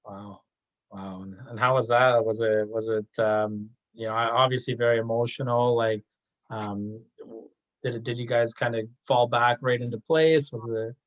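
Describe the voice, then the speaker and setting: A man hosting a conversational interview, circling his questions with repeated false starts. His voice is mid-pitched. The audio is dull and lo-fi. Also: fairly even intonation, normal speed. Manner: rambling questions with many restarts. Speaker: podcast host.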